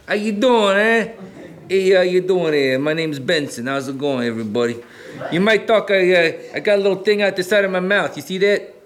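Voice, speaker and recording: A man's voice: high voice, fairly quick, a little hiss or hum, lightly acted. A man performing a brash, joking puppet showman who talks out of the side of his mouth in a live puppet comedy. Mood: cocky.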